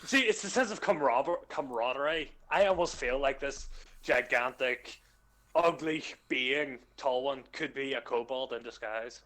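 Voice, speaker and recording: Male player, bright voice, jokey. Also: mid-range voice, normal speed. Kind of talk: tabletop game chat.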